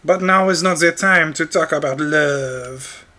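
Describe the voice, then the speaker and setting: A man's voice: high-pitched, expressive, a little slow, fairly bright tone, voice pushed up. A man putting on a dramatic fish princess with a mock French lilt. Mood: reproachful. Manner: put-on mock French accent; dramatic, pleading, overblown. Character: pushy young fish-princess, self-declared bride.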